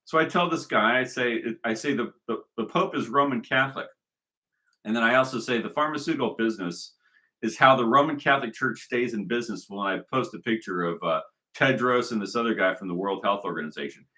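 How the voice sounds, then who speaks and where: A man's voice: mid-range voice, brisk, pushed and bright. A man giving a rambling, argumentative monologue, talking emphatically and repeating himself. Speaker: commentator.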